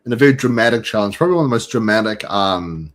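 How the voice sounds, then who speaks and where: A man with a lowish voice hosts a relaxed fan podcast. He talks in a chatty, loose way, full of fillers and restarts. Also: racing. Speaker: podcast host. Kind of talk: casual fan chat.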